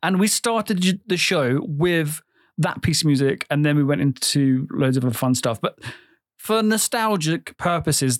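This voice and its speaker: A man's voice: fairly high pitch, lively intonation, a little slow, no room sound. A young man, hosting a casual podcast chat, talking freely with frequent swearing and laughter. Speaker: podcast host.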